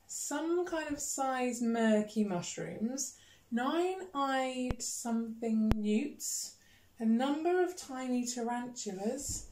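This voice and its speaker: A woman music teacher with a British accent leading a children's rhythm lesson, chanting words slowly with gasps and playful disgust. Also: fairly high pitch, echoey room. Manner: animated storytelling, gasps and exaggerated disgust.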